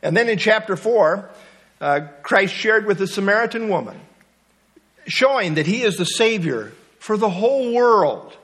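A pastor teaching a morning Bible study in an earnest, emphatic sermon style. His voice sits high for a man, and he leans hard into the words he wants to stress, with plenty of fillers along the way. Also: animated, unhurried, fairly bright tone.

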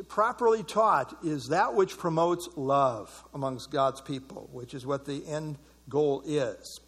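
A man's voice: on the high side, a bit bright, slightly rough. A man leading an evening church Bible study in a casual, conversational way, commenting on verses and asking the group for thoughts.

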